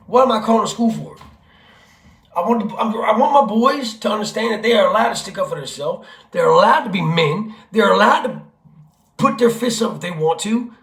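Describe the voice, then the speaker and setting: A man, a father, telling a family story in a casual vlog, animated and profane, acting out what people said. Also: sits high, brisk, gravelly, roomy sound. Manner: animated, profane, acts out quotes. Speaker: vlogger, father.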